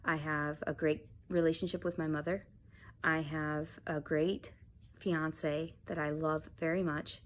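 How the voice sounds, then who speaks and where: A woman talking to camera in a personal vlog, soft-spoken and reflective, sometimes sinking to a whisper. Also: deep voice, level tone, measured pace. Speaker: vlogger.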